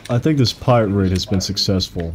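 Wry low-voiced young gamer. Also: male voice, brisk. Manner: joking, wry commentary. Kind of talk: casual gaming chat.

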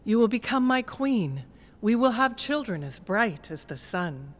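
A proud king speaking in slow, measured, commanding tones, as a woman storyteller gives him voice. His words come high and unhurried, each one weighed like law. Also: very animated. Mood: solemn, commanding. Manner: commanding, then anguished outbursts. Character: grieving proud king, man. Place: museum gallery.

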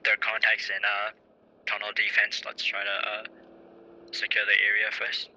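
A man's voice: fairly low pitch, completely flat delivery, moderate pace, sharp tone, slight background noise, low-quality recording. A man, swearing and bantering while giving orders to his squad in a game voice chat. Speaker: gamer streamer. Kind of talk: casual gaming voice chat.

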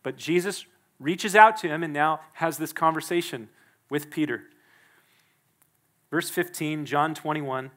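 A male pastor preaching a sermon in a church, emphatic and quick to act out the people he quotes. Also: a little high, a bit bright. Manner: emphatic, acts out the quoted speakers.

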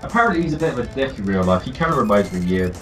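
A man's voice: medium pitch, animated, racing, a bit bright, faint music behind. A man hosting casual game commentary, a little stuffy from a cold and swearing in an offhand way. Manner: laid-back, swears casually. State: has a cold, coughing. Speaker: let's play host.

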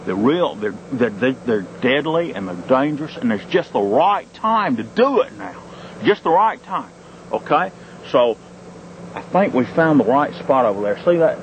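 A man's voice: mid-range voice, sing-song, moderate pace, highs cut off, a little hiss or hum, lightly acted. A man playing a goofy wildlife-show host with mock bravado and folksy repeated "mate", in an amateur home-video parody recorded outdoors at night. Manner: folksy exaggerated showman talk, repeats "mate".

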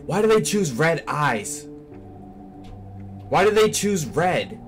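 A young man hosting a casual reaction vlog on a desk mic, rambling excitedly and repeating himself. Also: a little high, slow, soft background music. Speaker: channel host reacting to a trailer.

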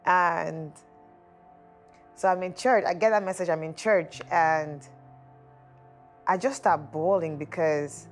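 A woman with a notably low voice tells a painful personal story with candor. She laughs at herself now and then. Quiet music plays faintly underneath. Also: fairly even intonation, unhurried. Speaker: interviewee. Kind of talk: personal testimony.

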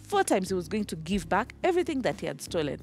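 A woman teaching a children's Bible lesson, telling the story with lively animation, breaking into song and checking in with "okay?". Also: medium pitch, quick pace, faint music behind. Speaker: Sunday school teacher.

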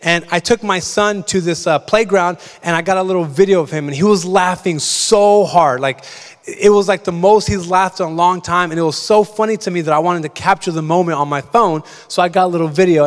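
A man's voice: a little high, steady tone, fairly quick. A young man preaching a casual, story-driven sermon as pastor, full of fillers like "like" and "um". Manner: chatty storytelling, lots of fillers. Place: large church. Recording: long reverb of a large church.

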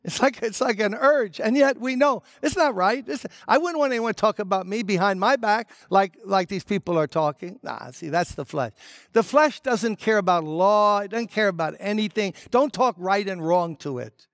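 Older male pastor, high voice, emphatic conversational sermon, dry close sound. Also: lively intonation, moderate pace, fairly bright tone, dry recording. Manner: emphatic, conversational preaching with rhetorical questions.

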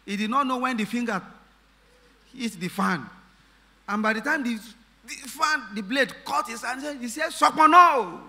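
Male pastor, high bright voice, emphatic sermon with rhetorical questions. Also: normal speed, long pauses, big-room sound. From Nigeria.

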